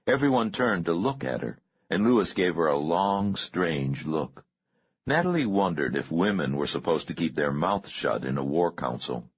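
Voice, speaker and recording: A male audiobook narrator with a deep, very husky voice reads in a measured, grave way. His pitch moves widely while his pace stays slow. The recording sounds dull and lo-fi. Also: very animated. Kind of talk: scripted narration.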